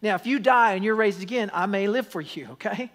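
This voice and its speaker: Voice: mid-range voice, brisk, a bit bright. A pastor preaching a sermon, telling stories with acted-out quotes and asking the congregation pleading questions.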